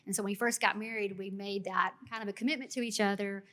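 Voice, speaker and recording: Fast-talking Texan woman telling a story. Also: medium pitch. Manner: lively anecdotal telling. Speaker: panel guest, married woman. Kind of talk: casual storytelling.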